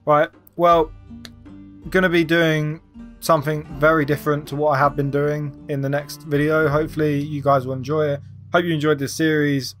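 Gamer guy, kinda high voice, ranting n swearing over the game ending, guitar music faint behind. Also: little pitch movement, moderate pace, a bit bright. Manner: frustrated, swearing, venting. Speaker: gaming YouTuber. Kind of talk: let's play commentary.

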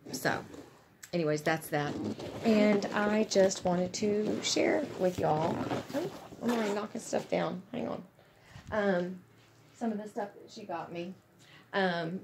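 A middle-aged woman, chatting to her viewers in a rambling, gushing, excited way. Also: on the low side, vocal fry, background noise. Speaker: vlogger. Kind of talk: casual chat to camera.

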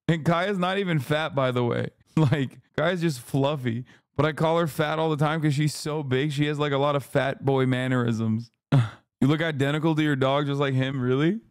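A man riffs through casual reaction commentary, loud and profane, cracking jokes between laughs. His voice sits a little high and comes through smooth and clear. The sound is dry and close, with no room around it. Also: dry recording. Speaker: streamer reacting to videos.

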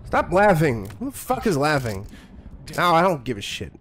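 A man's voice: a little high, sing-song, normal speed, fairly bright tone, slight background noise. A young man streaming a horror game, joking, sarcastic and profane. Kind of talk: profane let's play commentary.

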